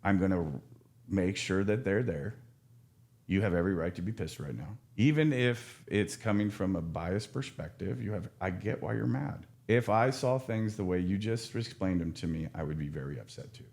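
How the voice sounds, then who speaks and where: Man, addiction counselor; deep voice, frank and earnest, lots of restarts. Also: lively intonation, moderate pace, gravelly, a little mellow. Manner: earnest, frank, with many restarts and casual swearing. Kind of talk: casual podcast conversation.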